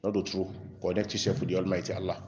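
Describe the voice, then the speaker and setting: A man with a Nigerian Pidgin accent preaching a sermon. He recites verses slowly, then explains them in a rising, emphatic voice and drops to quiet asides. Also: low voice, flat delivery, lo-fi sound, slight background noise. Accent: Nigerian Pidgin English. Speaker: Islamic preacher. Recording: roomy echo.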